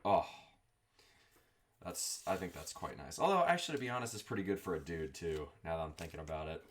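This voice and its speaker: Very deep-voiced man chatting while cooking. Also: animated, brisk. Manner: chatty, rambling with asides and fillers. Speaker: vlogger host. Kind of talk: casual cooking chat. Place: home kitchen.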